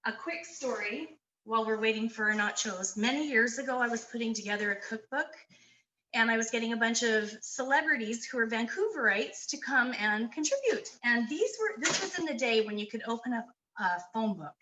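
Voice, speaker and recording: A woman's voice: fairly high pitch, lively intonation, brisk, bright, forceful tone, poor audio. A woman from Canada giving a casual cooking demonstration in a community kitchen, chatty and enthusiastic as she tells stories.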